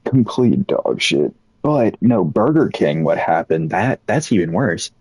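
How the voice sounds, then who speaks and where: A young man casually telling a rambling, profane story about old jobs, animated as he quotes people. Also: sits low, unhurried, slightly rough, no room sound, low-quality recording.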